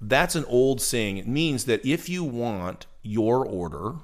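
A man's voice: mid-range voice, animated, slow. A man hosting a casual talk show, explaining things at length and laughing easily.

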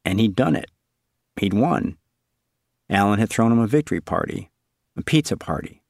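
A man with a low voice reads a literary story aloud, measured and wry, as if following a character's thoughts. The recording is close and dry, with no room sound. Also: lively intonation, creaky, darkish tone, no room sound. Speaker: narrator. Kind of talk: scripted literary narration.

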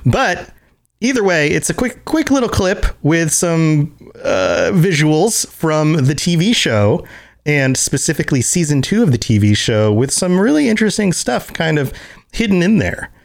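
A man co-hosting a live-streamed podcast, talking in an enthusiastic, rambling way with lots of restarts. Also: mid-range voice. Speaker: podcast co-host. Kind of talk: casual chat.

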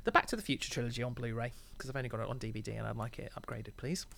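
A man's voice: mid-range voice, racing, vocal fry, sharp tone, a little hiss or hum. A man co-hosting a casual music podcast, teasing and laughing often. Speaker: podcast co-host. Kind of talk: casual chat about music.

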